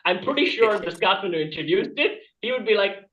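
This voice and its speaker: A man's voice: a little high, lively intonation, fast talker, reverberant, recorded from a distance, dull audio. A man doing a rambling stand-up comedy bit over a video call, laughing at his own jokes. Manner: rambling and self-amused, laughing at his own jokes, with jumpy shifts in loudness.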